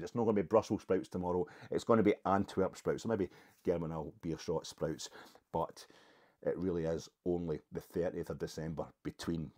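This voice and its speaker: A middle-aged man with a Scottish accent gives a post-match reaction on his podcast in a low, mellow voice. He talks in a camp, gossipy, theatrical way, like he's chatting with his girlfriends. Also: fairly even intonation, normal speed. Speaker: podcast host.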